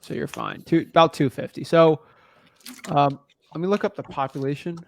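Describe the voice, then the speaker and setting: A man's voice: fairly high pitch, normal speed, creaky, slight background noise. Slangy, laid-back young man coaching. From United States. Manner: laid-back, slangy, talks through what he looks up. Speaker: real estate wholesaling coach. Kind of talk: casual coaching call.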